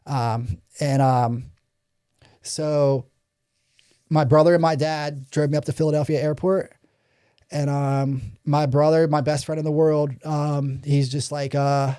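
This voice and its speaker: Rambling storyteller man, mellow voice. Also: a little high, flat delivery, unhurried, clear, resonant tone. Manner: rambling, many ums, profanity, acts out quoted voices. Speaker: podcast guest. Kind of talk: candid storytelling interview.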